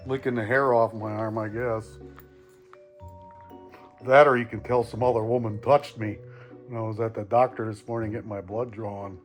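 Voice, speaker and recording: A man's voice: on the low side, steady tone, moderate pace, long pauses, soft background music. A man trading dry, sarcastic remarks in casual chat at home.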